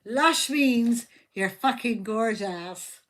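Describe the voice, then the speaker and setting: A woman's voice: a little high, drawn-out words, a bit bright, slight background noise. A woman giving a casual live tarot reading, blunt, joking and full of swearing. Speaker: tarot reader. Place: home livestream.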